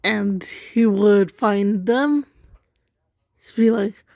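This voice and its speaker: A woman's voice: mid-range voice, slow, vocal fry, dark tone, dull audio. A woman casually rambling through her own story ideas, amused at herself. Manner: rambling, self-amused, many fillers. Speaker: amateur story writer.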